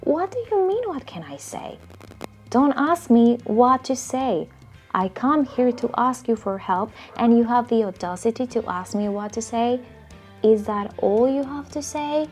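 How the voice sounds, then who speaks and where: A woman voicing an indignant woman who is always laughing, reading a storybook aloud in a shrill, exasperated voice. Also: lively intonation, a little slow, a little mellow, faint music behind.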